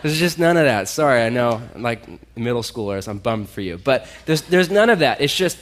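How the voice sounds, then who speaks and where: A pastor preaching a sermon in a lively, conversational way, talking straight to his listeners. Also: mid-range voice, moderate pace, few pauses.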